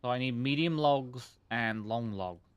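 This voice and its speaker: A man chats through a relaxed live stream, his voice sitting at an ordinary middle pitch. He rambles and talks to himself, words a little thick from the sweet he is sucking on. The sound is close and dry, with no room around it. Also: unhurried, clear, resonant tone, no room sound, lo-fi sound. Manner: relaxed, rambling, self-chatting. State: talking with a sweet in his mouth. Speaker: game streamer. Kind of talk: casual live-stream chat.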